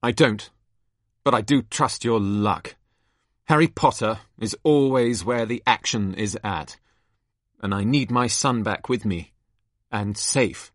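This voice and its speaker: A man's voice: on the low side, slow, dry recording. Aloof wizard father, man reading, clipped, dry. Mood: cool.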